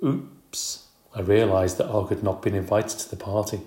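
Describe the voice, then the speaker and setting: A man reading a children's storybook aloud in an expressive, brisk way. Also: fairly low pitch. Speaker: audiobook narrator. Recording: roomy echo.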